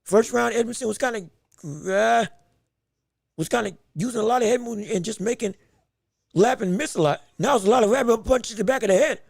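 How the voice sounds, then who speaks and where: A man's voice: high-pitched, fairly quick, vocal fry, a little mellow, no echo, studio quality. A man hosting a podcast, giving live boxing commentary in a rambling, self-correcting way with many stammered restarts. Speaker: podcast host.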